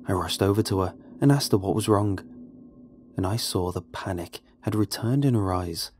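A man narrating a first-person horror story in a somber, measured, grave way. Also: deep voice, darkish tone, slight background noise.

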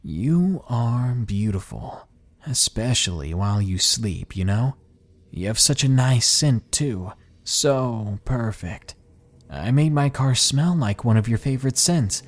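A man's voice: medium pitch, lively intonation, slow. A man playing an obsessive, menacing young man. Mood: creepy. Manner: creepy, intense, shifting from angry to soft.

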